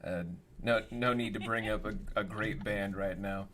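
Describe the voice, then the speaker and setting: A man's voice: on the low side, steady tone, moderate pace, crowd noise. A man hosting a casual interview, asking questions with playful joking asides. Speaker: interview host.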